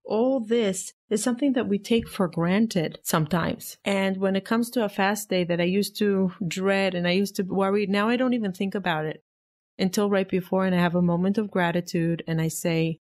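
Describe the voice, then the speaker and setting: A woman's voice: medium pitch, moderate pace, darkish tone. A woman giving an earnest, self-reflective personal monologue. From Israel. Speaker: vlogger.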